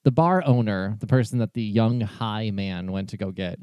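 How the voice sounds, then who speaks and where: A man's voice: on the low side, moderate pace, clean tone, dry recording. Guy running a tabletop game, laid back, lots of uhs, dry mic. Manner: relaxed, many fillers. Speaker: game master.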